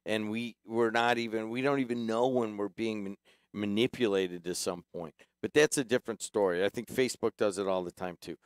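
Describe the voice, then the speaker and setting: A man hosts a talk radio show with a smooth, resonant voice that sits a little low. He talks in a loose, joking, conversational way. The sound is close and dry. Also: steady tone, a little fast, no echo. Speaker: radio host.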